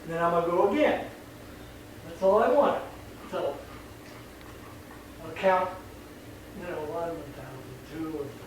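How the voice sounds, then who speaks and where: Speaking at a measured pace with long pauses, this high-voiced male dog trainer rambles chattily through a casual on-camera explanation, acting out voices as he goes. The mic is distant, the sound very echoey, and there's faint noise.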